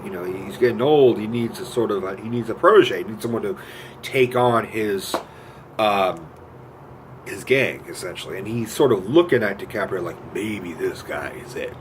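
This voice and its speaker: A man giving a casual, profane film rant. He retells scenes with lively quoted voices and gets animated as he goes. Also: lowish voice, moderate pace, slight background noise. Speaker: movie reviewer.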